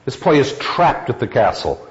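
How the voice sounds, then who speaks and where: A man lecturing a class on a play, animated and quick to laugh, sometimes acting out quoted lines in a raised voice. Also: medium pitch. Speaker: literature teacher. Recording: dull lo-fi classroom recording.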